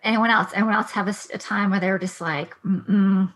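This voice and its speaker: A woman's voice: medium pitch, steady tone, fast talker, a bit bright. A woman host, asking her guests friendly questions on a panel. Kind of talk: casual panel conversation.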